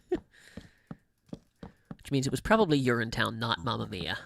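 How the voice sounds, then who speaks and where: A man's voice: medium pitch, big pitch swings, takes it slowly, gravelly, a bit bright, a little hiss or hum. A middle-aged man chatting on a livestream, telling stories with laughs and many restarts. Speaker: streamer. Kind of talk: casual livestream chat.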